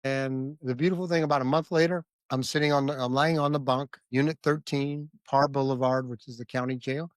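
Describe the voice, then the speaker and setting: A man's voice: medium pitch, fairly even intonation, a little fast, few pauses, dry recording. A man guesting on a podcast, telling a hard personal story in a candid, vivid way and often stopping to check the listener.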